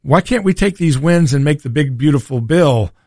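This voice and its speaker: Folksy talk radio host, dry sound. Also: male voice, on the high side, expressive, moderate pace, vocal fry, darkish tone, dry recording. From Tennessee. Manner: folksy, combative opinion delivery.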